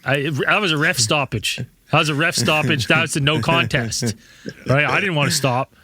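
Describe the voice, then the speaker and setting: A man's voice: a little high, normal speed, pushed and bright, slight background noise. A man in his thirties, a podcast host, telling rambling stories in casual chat, swearing often and laughing a lot.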